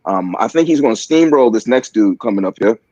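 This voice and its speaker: A man's voice: on the low side, animated, warm tone, no echo, lo-fi sound. A man with a Baltimore accent giving casual, joking sports opinions, full of fillers and restarts. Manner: halting, filler-heavy, joking. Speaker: panelist on a sports talk stream.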